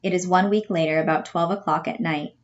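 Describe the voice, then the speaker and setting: A woman teacher reading a play's stage directions aloud for her class, plain and steady. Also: lowish voice, fairly quick, muffled recording.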